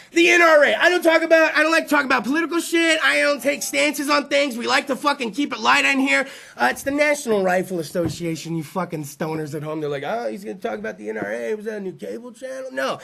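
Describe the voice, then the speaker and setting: A man's voice: very high-pitched, creaky, bright, forceful tone. A man hosting a talk show, telling crude jokes in a rowdy monologue and acting out other voices. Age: adult. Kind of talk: profane comedic monologue.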